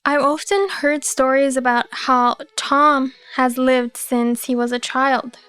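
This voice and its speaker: A woman voicing a calm, firm elderly male company head of about seventy in a narrated story. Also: high-pitched, slow pace, smooth, dry recording. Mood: stern. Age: 70s.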